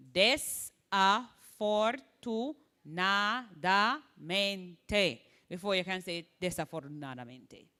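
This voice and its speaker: Jamaican woman, Spanish teacher, bright and tense-edged voice, exam-prep lecture, keeps asking "right?". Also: medium pitch. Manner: frequent "right?" checks, lively emphasis, models Spanish words slowly.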